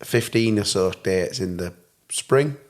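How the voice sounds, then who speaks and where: A man's voice: lowish voice, slow pace. A man in a casual podcast chat, telling tour stories and often laughing. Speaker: musician guest.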